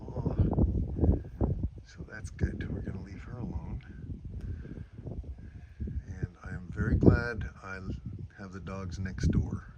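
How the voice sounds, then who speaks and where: A man, a sheep farmer, chatting relaxed in a casual farm vlog outside in a pasture, talking to his animals, recorded on a handheld camera. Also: low-pitched, takes it slowly, pauses often, dull audio. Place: outdoor pasture among solar panels. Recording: noisy outdoor recording.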